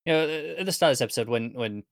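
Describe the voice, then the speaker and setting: Male podcast co-host, middle-pitched, quick comments, dry close sound. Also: lively intonation, no echo. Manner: chiming in with short remarks. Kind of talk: casual chat.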